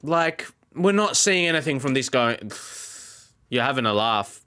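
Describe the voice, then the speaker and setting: Guy doing let's play commentary, slow and drawn out, voice swings way up and down when he gets fed up. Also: mid-range voice, expressive, sharp tone, clean tone. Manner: exasperated, talks to the game. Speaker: gaming YouTuber.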